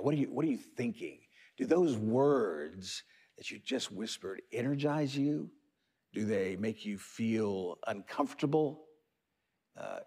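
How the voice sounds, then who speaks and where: A man preaching a reflective sermon for an online service. His voice is low, husky and gravelly. His pitch rises and falls in a lively way, and at times he sinks into soft whispers as he guides his listeners. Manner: reflective, leads listeners through whispered affirmations. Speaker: pastor. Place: church or studio, online worship service.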